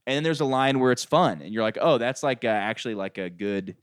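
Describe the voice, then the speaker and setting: A man hosting a comedy podcast, chatting casually and joking loudly. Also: fairly quick, clear, resonant tone. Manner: loud, animated joking with sudden jumps in pitch. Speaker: podcast host.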